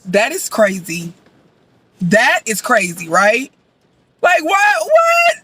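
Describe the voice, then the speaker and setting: A man chatting casually as a vlogger, reviewing a show while he eats, animated and sassy with loud outbursts. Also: very high voice, a little hiss or hum.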